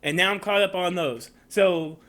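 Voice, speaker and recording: A man's voice: high voice, moderate pace, fairly bright tone. A man reviewing a movie trailer on his own channel in a rambling, emotional casual talk, getting teary at moments. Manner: rambling, emotional, tearing up at times.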